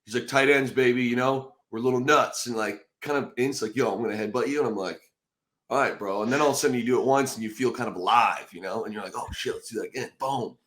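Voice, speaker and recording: A man hosting a casual podcast chat, swinging from low mutters to loud bursts as he acts out stories. His pitch sits in a middle range and he talks with loose, profane energy. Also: fast. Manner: animated storytelling, swearing, acting out quotes loudly. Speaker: podcast host.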